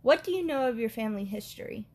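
A woman's voice: a little high, lively intonation, quick pace, a little mellow, slightly rough. A woman co-hosting a podcast, reading prepared interview questions in a friendly way.

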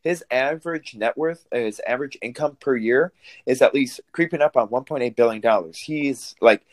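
A man who immigrated to the US, co-hosting a political talk show and ranting in a fired-up, emphatic way with quick restarts. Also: medium pitch, no echo. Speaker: co-host.

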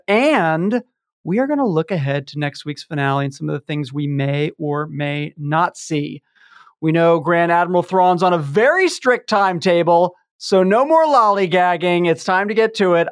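A man's voice: sits high, no room sound. Joking man hosting a podcast, dry sound. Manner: playful, joking banter. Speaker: podcast host. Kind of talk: casual podcast chat.

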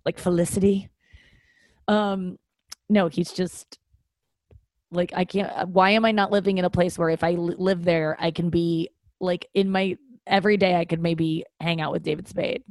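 A woman's voice: on the low side, level tone, normal speed, a little mellow, no echo. A young adult woman hosting a podcast, chatting casually in a candid, rambling, self-deprecating way with many fillers. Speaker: podcast host. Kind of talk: casual solo chat.

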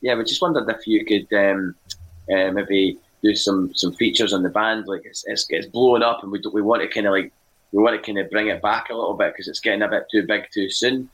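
A man's voice: lowish voice, steady tone, a little fast, a bit bright, slightly rough, poor audio. A Scottish man co-hosting a podcast, telling long rambling anecdotes with many fillers in casual chat. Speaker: podcast co-host and music writer.

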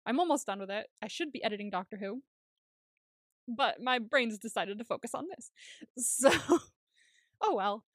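A woman's voice: a little high, lively intonation, moderate pace, long pauses, no room sound, studio quality. A young woman co-hosting a podcast, chatting casually and telling stories with lots of laughter and acted-out quotes. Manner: chatty storytelling, laughs often, acts out quotes. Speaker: podcast co-host. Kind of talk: casual chat.

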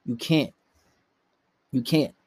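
A young podcast host speaks slowly in a mid-range voice that is a little mellow and slightly rough, ranting about dating advice in a casual, rambling, profane, and blunt way. He records close and dry on a laptop in a room at home at night, with no room sound.

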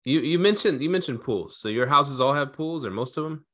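A man's voice: mid-range voice, lively intonation, fairly quick, fairly bright tone. A man hosting a casual podcast chat, laid-back and joking as he asks questions. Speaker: podcast host.

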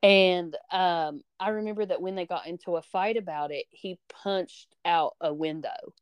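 A young woman hosting a podcast, casually telling a story with animated energy and frequent swearing, acting out the people she quotes. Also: lowish voice, unhurried, smooth, dry recording. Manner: animated, acts out quoted voices, swears freely. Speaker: podcast host.

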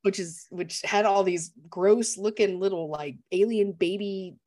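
Woman, podcast co-host, chatty animated movie talk, mid pitch. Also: unhurried. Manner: chatty and animated, laughs often. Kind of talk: casual movie discussion.

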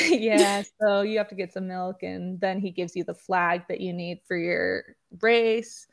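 A woman's voice: medium pitch, a little slow. A young woman co-hosting a podcast, chatting casually and giggling often as she talks. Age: young adult. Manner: giggly, chatty, laughs often between phrases. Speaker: podcast co-host. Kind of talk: casual chat.

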